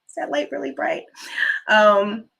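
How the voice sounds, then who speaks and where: A woman hosts a relaxed livestream and talks in a loose, chatty way. She drifts from one story to the next and pauses to read out and thank viewers for their comments. Her voice has a bright, forward edge. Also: on the high side, gravelly. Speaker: livestream host. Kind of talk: casual livestream chat.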